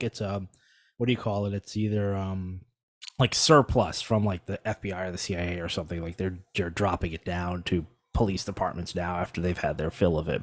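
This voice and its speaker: A man's voice: mid-range voice, dry recording. A man co-hosting a casual podcast. He speaks in a mid-range voice and rambles wryly through his points, often restarting his sentences. The recording is dry and close. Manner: rambling and wry, full of fillers and restarts. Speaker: podcast co-host.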